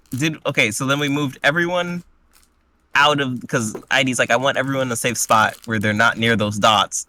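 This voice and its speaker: A man casually recapping a tabletop game session with crude, joking energy. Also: mid-range voice. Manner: crude, joking, animated retelling. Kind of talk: casual chat.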